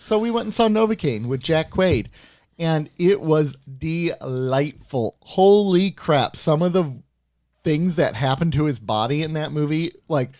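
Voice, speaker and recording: Animated man co-hosting a podcast. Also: fairly high pitch, a little slow, no echo, studio quality. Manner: animated storyteller, acts out reactions. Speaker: podcast co-host. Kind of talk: casual chat.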